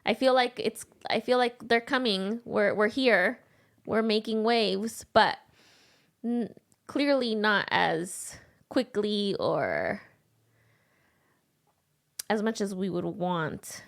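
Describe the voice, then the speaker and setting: A woman hosting a podcast, talking in long energetic run-on thoughts with plenty of fillers. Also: medium pitch, takes it slowly, vocal fry, pauses often. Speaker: podcast host. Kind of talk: casual conversation.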